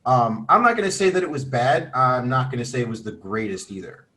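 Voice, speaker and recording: A man's voice: medium pitch, lively intonation, fairly quick, a bit bright. A man co-hosting a podcast, chatting casually and restarting his sentences as he gives his take. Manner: easygoing, hesitant restarts when giving reviews. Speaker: podcast co-host. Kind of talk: casual chat.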